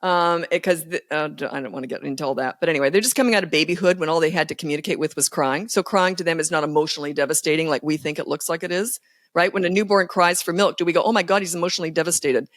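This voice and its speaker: A woman's voice: sits low, rapid-fire, dry recording, studio quality. A woman speaking as a parenting coach guest in a casual podcast interview, blunt, emphatic and sure of herself. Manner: blunt, emphatic and self-assured.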